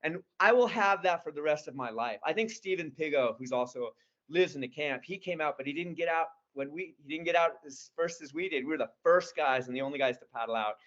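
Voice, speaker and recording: A man's voice: on the high side, a little fast, a bit bright, highs cut off. A man in his sixties, an interview guest telling stories in an enthusiastic, rambling way. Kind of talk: casual storytelling.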